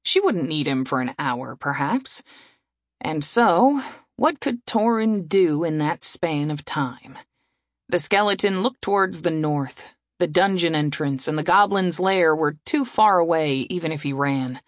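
Female audiobook narrator, slow and measured, expressive with an animated pitch. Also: dry recording, clean studio sound. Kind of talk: scripted story narration.

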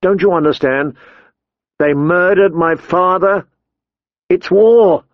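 A man's voice: high-pitched, slow pace, dry recording, narrow, tinny audio, voice pushed up. A man voicing a brooding, determined young male recruit who speaks earnestly and defiantly.

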